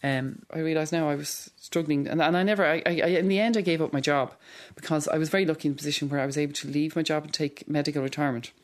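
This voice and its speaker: A woman's voice: low-pitched, steady tone, rapid-fire, hardly any pauses. A middle-aged Irish woman speaking candidly in a documentary interview, talking in a conversational way with many restarts.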